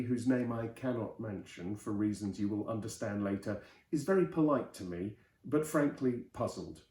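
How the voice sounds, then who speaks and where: A man reading an old novel aloud in a lively storytelling manner, his voice mellow and warm. The recording is roomy, with a clear echo around him. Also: mid-range voice. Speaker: host and reader.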